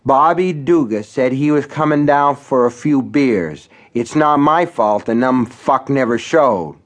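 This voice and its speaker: A drunk, belligerent barfly with a voice pushed higher and louder than normal, all grievance and demands, as a man reading an audiobook acts him out. He sounds self-pitying and quick to anger. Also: lively intonation, lightly acted. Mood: sulky pleading. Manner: loud, aggrieved, demanding. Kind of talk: audiobook character voice.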